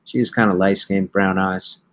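A man's voice: deep voice, flat delivery, moderate pace. A man hosting a podcast in casual chat, telling meandering, jokey stories. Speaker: podcast host.

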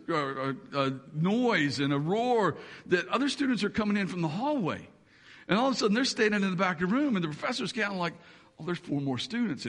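Male preacher, sermon storytelling, high voice, long hall reverb. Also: fairly bright tone.

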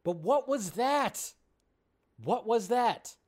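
A man hosting a live show in casual commentary, rambling between low mumbles and loud excited outbursts. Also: slow. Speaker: show host.

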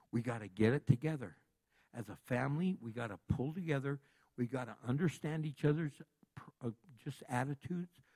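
A man preaching a sermon in a lively, conversational way, acting out little everyday scenes as he goes. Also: medium pitch. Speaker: pastor.

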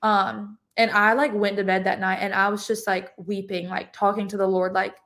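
A woman's voice: mid-range voice, level tone, normal speed, fairly bright tone. A young woman, sharing her testimony as a podcast guest in a casual, chatty way full of "like". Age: young adult. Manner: chatty, heavy use of "like" fillers.

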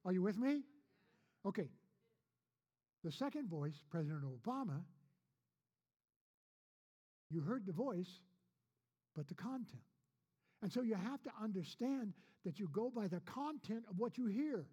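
A man's voice: high-pitched, sing-song, measured pace, long pauses, dark tone, slightly rough. A man preaching a sermon as pastor, folksy, with repeated rhetorical questions.

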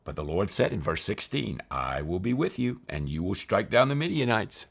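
A man's voice: fairly low pitch, big pitch swings, normal speed, creaky, hardly any pauses, a bit bright. A man teaching a weekly Bible study lesson, earnest, repeating key phrases and dramatizing the scripture he quotes.

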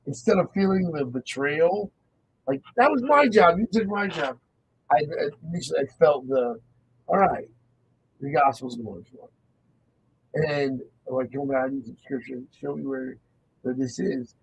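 Gravelly-voiced man hosting faith radio. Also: fairly high pitch, unhurried, a little hiss or hum, low-quality recording. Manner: animated storytelling, acts out quoted dialogue. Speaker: radio show host.

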